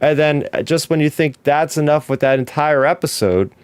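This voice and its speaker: A man's voice: a little high, moderate pace, smooth, no room sound. Effusive man gushing on a podcast. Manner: effusive and emotional, many restarts. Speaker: podcast co-host. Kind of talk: casual podcast discussion.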